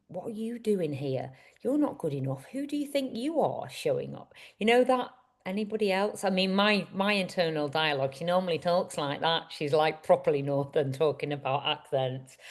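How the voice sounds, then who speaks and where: A woman's voice: fairly low pitch, darkish tone. A woman coach giving a motivational summit talk. She speaks earnestly and keeps turning to the audience with questions.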